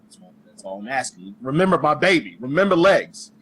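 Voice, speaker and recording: A man's voice: medium pitch, very animated, brisk, a bit bright, slight background noise, rough recording. A man guesting on a podcast, speaking casually and hesitantly, often trailing off.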